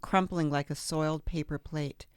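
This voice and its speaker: A woman podcast host reading a memoir aloud in a measured, expressive way on a close studio mic. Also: low voice, clean tone, dry recording.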